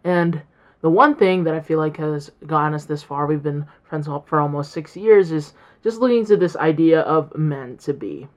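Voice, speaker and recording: A woman's voice: deep voice, normal speed. A young woman in college hosting her own podcast, talking in a rambling, reflective way with many fillers and restarts. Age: young adult. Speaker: podcast host. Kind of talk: casual solo podcast talk.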